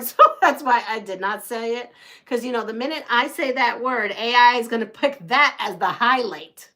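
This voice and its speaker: A middle-aged woman talks her viewers through a sewing project in a relaxed, chatty way. Her voice sits high and bright. She takes her time and breaks into laughter often. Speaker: quilting channel host. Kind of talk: casual live-stream chat while sewing. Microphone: home live-stream setup.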